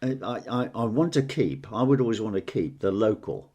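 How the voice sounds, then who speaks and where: A man's voice: on the low side, animated, normal speed, warm tone, slightly rough. A middle-aged man co-hosting a casual chat, talking in a rambling, friendly way. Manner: rambling, chatty, fond of accents. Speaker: podcast co-host.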